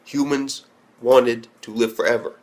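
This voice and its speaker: A man's voice: medium pitch, fairly even intonation, a little slow, a little mellow. A young man ranting bluntly and profanely in an anime review, rambling with restarts. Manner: profane and blunt, heavy swearing.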